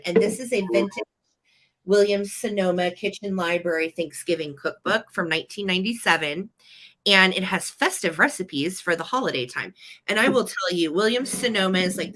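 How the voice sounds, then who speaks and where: A woman hosting a live vintage sale stream, chatting enthusiastically as she pitches each item. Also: fairly bright tone. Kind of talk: live-stream sales chat.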